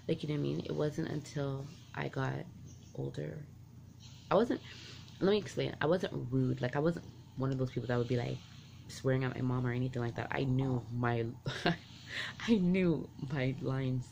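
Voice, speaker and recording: A woman's voice: extremely low pitch, normal speed, creaky, a little mellow, a little hiss or hum. A woman vlogger telling a personal story from her childhood, candid and rambling, full of "like" and restarts. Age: adult parent.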